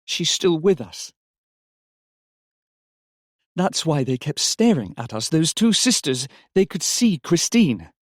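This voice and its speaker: A man's voice: on the high side, lively intonation, a little fast, dry recording, clean studio sound, pitched above the performer's own voice, close to an everyday voice. A man voicing a grieving young wife who is now overjoyed and urgent, speaking breathlessly and with emphasis. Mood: elated. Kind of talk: audiobook character reading.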